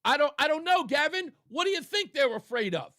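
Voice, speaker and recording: A man's voice: very high voice, sing-song, fairly quick, sharp tone, no room sound. A male talk radio host giving sarcastic, mocking political commentary on a studio mic.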